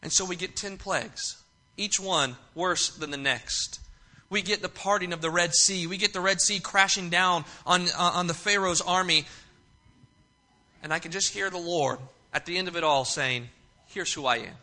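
A man delivering a sermon in a high, piercingly bright voice. He reads scripture aloud and then explains it, repeating key phrases for emphasis and often restarting a thought mid-sentence. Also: moderate pace. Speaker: pastor.

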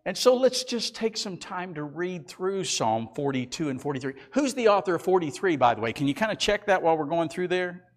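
Animated high-voiced male preacher. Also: brisk, hardly any pauses. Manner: animated, swinging between loud emphasis and quiet low reading. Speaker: pastor. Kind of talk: sermon reading scripture.

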